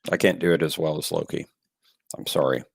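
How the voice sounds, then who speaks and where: A man's voice: a bass voice, steady tone, fairly quick, creaky, husky, no echo, studio quality. A man chatting casually as a podcast co-host, easygoing and wry. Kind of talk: casual chat.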